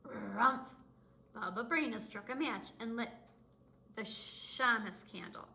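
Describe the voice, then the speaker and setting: Bright-voiced librarian reading aloud. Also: female voice, a little high, a little slow, slight background noise. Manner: expressive storytelling. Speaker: children's librarian. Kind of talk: reading a picture book aloud. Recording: roomy echo.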